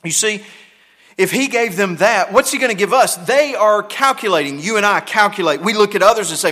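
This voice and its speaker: A male preacher with a notably high-pitched voice delivers a sermon in a church. He swings between quiet, intimate low stretches and loud, emphatic bursts. His words ring out with a long hall reverb. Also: lively intonation, fairly quick. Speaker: pastor. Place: church sanctuary.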